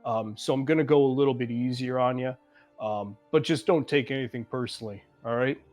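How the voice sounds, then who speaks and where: A game master voicing a huge, gentle male bugbear wrestler who talks slowly and apologetically. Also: medium pitch, faint music behind, pitched below the performer's own voice, lightly acted. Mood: reassuring. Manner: slow, mild and apologetic.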